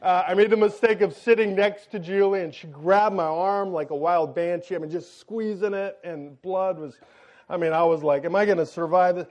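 A pastor delivers his sermon as a lively story, playing the other people's lines in quick little voices. He is a middle-aged man with a high voice. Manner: animated, jokey storytelling with acted-out quotes.

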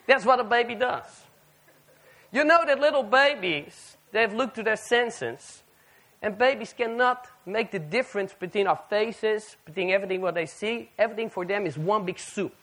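A man preaching a sermon to a live audience, animated and firing rhetorical questions at the listeners. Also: high-pitched, normal speed.

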